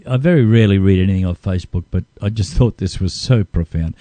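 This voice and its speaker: A man co-hosts a talk show. He reads aloud in an earnest, expressive way and then asks a guest questions. His voice is mellow and warm, and the sound is dry and close. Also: sits low, quick pace, no echo. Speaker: co-host. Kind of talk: reading aloud and interviewing.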